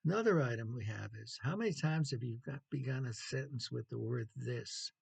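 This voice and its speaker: A man delivers a writing lecture in a heavily gravelly voice with a husky edge. He talks in a measured way, with pauses, fillers and the odd cleared throat. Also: medium pitch, expressive, a little mellow. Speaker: writing instructor.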